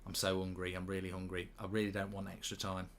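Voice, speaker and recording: A man's voice: deep voice, monotone, fast talker, vocal fry, fairly bright tone, slight background noise. A man giving casual, jokey live football commentary and reading out viewer comments.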